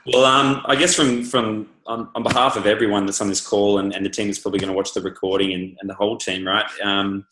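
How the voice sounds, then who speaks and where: Male host, relaxed and loose, lowish voice, echoey room. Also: quick pace, few pauses. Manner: relaxed, loose, lots of fillers. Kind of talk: casual call chat.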